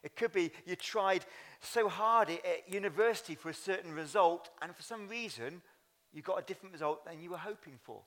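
A man's voice: high-pitched, brisk, a bit bright. A man who is a church leader, preaching a sermon at a Sunday service in a chatty way, speaking straight to the congregation. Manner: chatty, addresses congregation directly.

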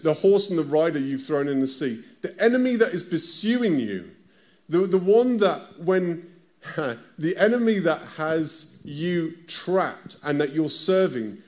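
A man with a British accent preaching a conversational sermon, often stopping to ask his listeners direct questions. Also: a little high. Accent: British English.

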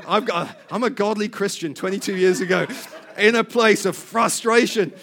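A middle-aged man preaching, telling a personal story in an animated way, laughing often and repeating words. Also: high-pitched, normal speed, gravelly.

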